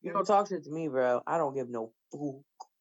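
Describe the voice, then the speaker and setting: A woman telling stories in casual group chat, blunt and profane, with lively bursts. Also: low-pitched, normal speed. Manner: blunt, profane, animated storyteller. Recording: slightly dull lo-fi sound.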